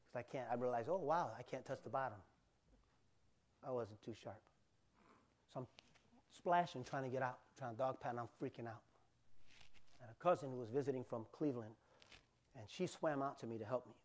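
A male pastor preaching a sermon, telling a personal story with animated acted-out cries and asides to the congregation. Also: medium pitch, fairly quick, pauses often. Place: church.

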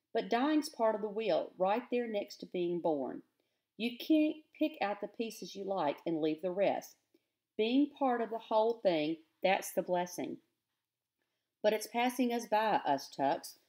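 A woman's voice: medium pitch, big pitch swings, a little slow, dark tone. A woman voicing a weary, earnest rustic father who talks in plain country grammar. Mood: pleading.

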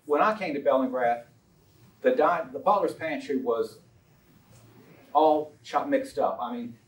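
A man giving an illustrated lecture on a historical collection, chatty and anecdotal, with frequent ums and uhs. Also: mid-range voice. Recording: roomy sound from a distant mic.

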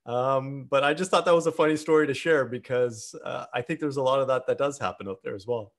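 A man hosting a casual conversation, telling stories in a lively, blunt way and acting out the dialogue as he goes. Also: medium pitch, brisk. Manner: lively anecdotal storyteller, blunt, acts out dialogue. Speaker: host.

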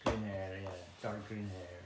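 A man's voice: low voice, little pitch movement, a little slow. Patient dad echoing his kid's words. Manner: patient, asks gentle questions, repeats the child's words. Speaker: father playing with his young son. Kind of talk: casual playful chat with a child. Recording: echoey room with background noise.

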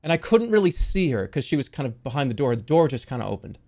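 A young man telling a wild story to his stream in a casual, animated way, swearing freely. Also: mid-range voice, quick pace, few pauses. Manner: animated, swears a lot, yells in the quoted bits.

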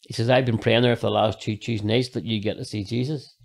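A man tells his faith testimony as a podcast guest. His voice is gravelly and sits fairly low, with a crackle at the bottom. He talks earnestly and rambles, full of fillers and restarts. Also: steady tone, quick pace, a little mellow. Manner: earnest storytelling.

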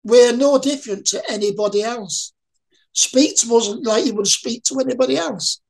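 In an interview, a woman talks frankly about her own life and poses rhetorical questions to the listener in a candid, conversational way. Her voice is on the high side and creaky, at a moderate pace, and the recording is rough.

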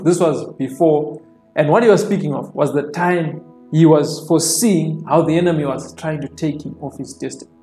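Male preacher, gravelly tone, repeats lines with tag questions, echoey room. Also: fairly high pitch. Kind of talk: sermon. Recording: roomy sound with soft worship music behind. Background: soft instrumental worship music.

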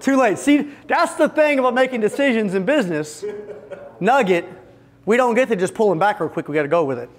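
A man speaking to a live audience of fence business owners at a retreat, energetic and joking as he addresses the room directly and acts out little scenes. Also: high-pitched, a little fast. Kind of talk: business seminar talk.

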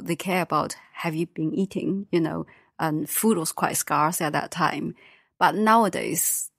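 Female language teacher on a podcast; slightly low voice, calm and patient, close dry mic. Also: no room sound. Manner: patient, brief confirmations. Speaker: Chinese teacher.

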